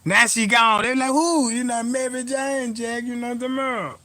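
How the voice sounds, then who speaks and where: A man's voice: very high-pitched, level tone, fairly quick, sharp tone. A man telling profane comic stories in a stand-up style, constantly asking "you know what I'm talking about". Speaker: comedian. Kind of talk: stand-up storytelling.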